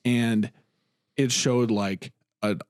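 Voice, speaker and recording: A man's voice: mid-range voice, fairly even intonation, very slow, darkish tone, no room sound, clean studio sound. A man co-hosting a horror podcast, talking casually and animatedly with frequent laughs. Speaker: podcast co-host. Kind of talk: casual chat.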